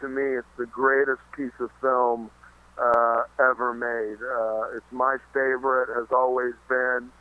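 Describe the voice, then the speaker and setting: A man being interviewed in casual chat, halting with many restarts and fillers, and swearing freely. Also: medium pitch, flat delivery, narrow, tinny audio. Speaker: interview guest.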